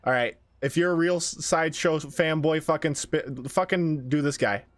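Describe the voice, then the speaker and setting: A man's voice: fairly high pitch, normal speed. A man streaming a car game live, chatting casually with his viewers, swearing and joking a lot. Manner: profane, joking, talks to chat. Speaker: livestream gamer. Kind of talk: casual gaming livestream commentary.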